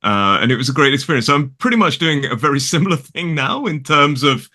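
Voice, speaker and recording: A man with a British English accent, an English teacher talking casually as a guest from a home studio in a spare room, chatty and quick to correct himself. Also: a little high, animated, sharp tone. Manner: chatty, self-correcting, laughs often. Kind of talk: casual conversation.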